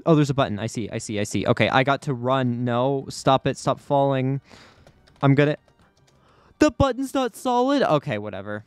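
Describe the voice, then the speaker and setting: A man's voice: mid-range voice, sing-song, normal speed, clean tone, no echo, faint music behind. A man giving live commentary over his own gameplay, anxious and repeating himself under pressure. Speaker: gaming YouTuber.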